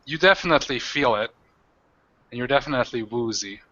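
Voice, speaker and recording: A man's voice: mid-range voice, expressive, fairly quick, bright, forceful tone, dull audio. A man narrating as game master of a tabletop game, in a rambling way with many fillers.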